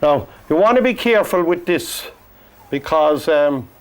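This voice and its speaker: A man from Cork with an Irish accent, teaching a painting lesson in a gentle, joking, soft-spoken way. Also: on the high side, lively intonation, unhurried, smooth. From Ireland. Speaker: painting instructor. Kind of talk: painting lesson with chatty asides.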